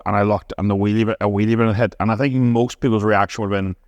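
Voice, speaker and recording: A man chats as a podcast guest, rattling through anecdotes at a brisk clip and swearing freely. His voice sits fairly low, and the sound is close and dry with little room echo. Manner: fast, animated storytelling with frequent swearing. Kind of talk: casual chat.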